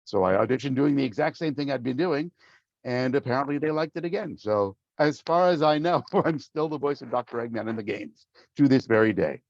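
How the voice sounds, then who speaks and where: A middle-aged man telling his stories as a guest on an interview show, playing out the other voices in them with some gusto. His sound is dry and a little dull. The pitch sits mid-range. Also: fairly quick, no room sound. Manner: animated storyteller acting out quoted voices. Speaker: voice actor guest. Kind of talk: casual interview storytelling.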